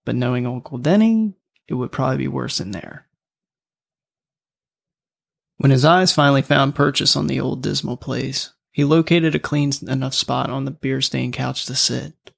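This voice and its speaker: Male audiobook narrator, mid pitch, gravelly, loose and profane. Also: normal speed. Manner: casual, profane storytelling.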